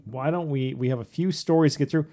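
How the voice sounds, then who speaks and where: A woman podcast cohost chatting casually, speaking slowly and deliberately. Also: very deep voice, mellow. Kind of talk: casual chat.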